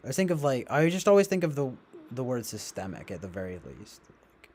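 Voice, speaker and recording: A young man hosting a livestream, musing out loud in a rambling way, full of fillers, self-corrections and little chuckles. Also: medium pitch, sing-song, brisk. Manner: chuckles often while talking. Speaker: livestream host. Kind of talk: casual rambling livestream talk.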